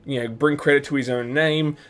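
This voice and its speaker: A man's voice: mid-range voice, fairly even intonation, a little fast. A man hosting a let's play, giving chatty, rambling gameplay commentary full of restarts and laughs. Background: game music.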